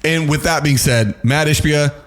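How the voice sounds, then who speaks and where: A man co-hosting a casual sports show, animated as he reads out prices and tweets. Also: fairly high pitch, normal speed, background noise. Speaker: sports podcast co-host.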